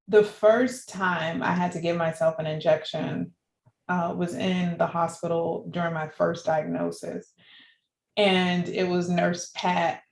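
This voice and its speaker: A woman guest in an interview, telling her personal story in an animated way and laughing often. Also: lowish voice, creaky. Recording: echoey room with faint background noise.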